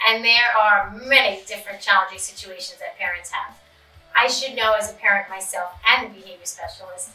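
Bright-voiced woman giving parenting advice. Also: medium pitch, brisk, recorded from a distance. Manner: calm, explanatory, acts out example dialogue. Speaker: podcast host and behavior specialist. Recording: roomy sound from off-mic with faint music.

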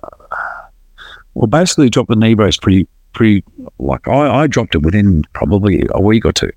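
A man's voice: fairly low pitch, moderate pace, dry recording. A man telling his story to a podcast host in a casual, earnest way, often restarting his sentences. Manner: earnest, lively retelling with frequent restarts. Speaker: podcast guest.

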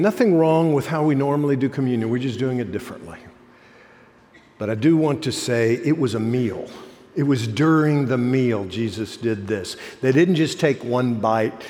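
Pastor preaching in a reverberant church. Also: male voice, medium pitch, normal speed. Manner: storytelling, rising to impassioned emphasis then dropping soft. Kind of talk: sermon. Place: church sanctuary. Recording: long hall reverb.

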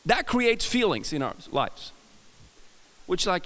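In a large hall, a man with a Swedish accent delivers a casual, joking sermon in a high, very animated voice that is slow and fairly bright. He's chatty, often restarts and corrects his sentences, and jokes with the audience.

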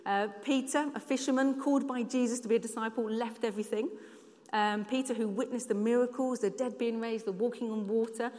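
A woman's voice: a little high, fairly even intonation, fairly quick, darkish tone. A woman giving a church sermon, telling personal stories in an earnest, conversational way. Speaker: church speaker. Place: church hall. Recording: long hall reverb.

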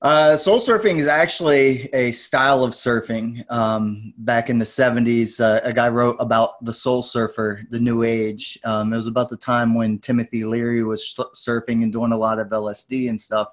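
A man in his forties talks as a podcast guest. He rambles and drifts onto tangents. He gets animated when he repeats what other people said. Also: medium pitch, moderate pace, hardly any pauses. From United States. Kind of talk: casual storytelling interview.

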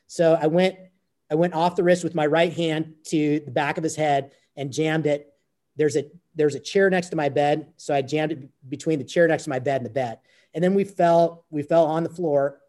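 A man's voice: on the high side, steady tone, moderate pace, a little mellow. A man telling a personal story as an interview guest, earnest and repeating phrases as he goes. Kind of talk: conversational storytelling.

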